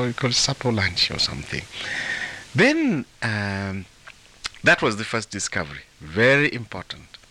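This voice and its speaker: A man from Africa tells a folktale in an interview, chuckling and often repeating words. His fairly low voice swings widely in pitch, with a bright, forceful edge. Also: slight background noise. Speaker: author and translator of folktales. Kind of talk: storytelling in an interview.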